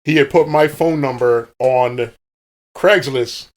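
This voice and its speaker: A man's voice: medium pitch, slow pace. A man co-hosting a podcast, laid-back and chuckling as he explains in casual chat. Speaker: podcast co-host.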